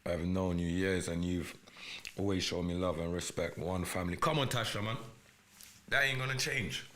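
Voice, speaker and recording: Defiant, profane man with a sharp voice. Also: low voice, normal speed, a little hiss or hum. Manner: profane, defiant, repetitive and threatening. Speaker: live podcast host. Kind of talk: confrontational livestream rant.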